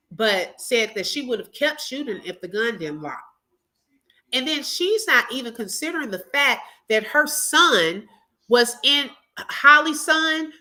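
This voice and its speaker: A woman's voice: a little high, sharp tone. A woman hosting a reaction stream, giving indignant, emphatic commentary to her viewers. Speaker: commentary channel host.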